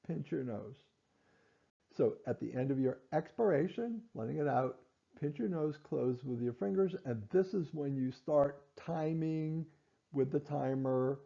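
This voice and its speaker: A man's voice: on the high side, slow, gravelly, dark tone, dull audio. A man explaining a breathing test to patients, repeating and stressing key points with fillers and restarts. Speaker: clinician teaching patients. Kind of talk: instructional explanation.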